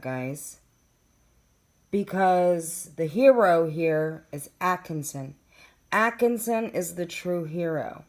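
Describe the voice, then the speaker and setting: A low-pitched woman speaks slowly and casually, addressing her viewers directly as she works through case papers. She turns emphatic and indignant when driving home a point. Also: lively intonation. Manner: chatty, addresses viewers directly, reads documents aloud. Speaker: true crime vlogger. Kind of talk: casual talk to camera.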